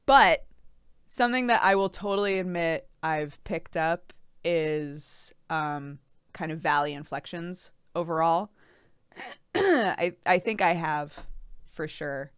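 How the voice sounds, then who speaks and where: Woman streamer, lively and laughing, smooth voice, dry close sound. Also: on the low side, measured pace, dry recording. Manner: giggly, animated, says "like" a lot. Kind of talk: casual chat reading stream chat.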